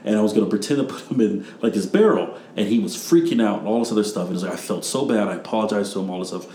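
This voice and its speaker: A man's voice: fairly low pitch, rapid-fire, mellow, roomy sound, a little hiss or hum. A man hosting a parenting podcast, telling stories in a casual rambling way and acting out what people said. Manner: rambling storyteller, acts out quotes. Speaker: podcast host.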